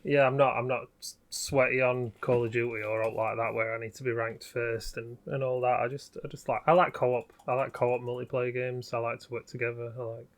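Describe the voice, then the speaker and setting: A man's voice: medium pitch, little pitch movement, fairly quick, hardly any pauses. Easygoing man. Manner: easygoing, agreeable. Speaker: podcast co-host. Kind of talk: casual chat.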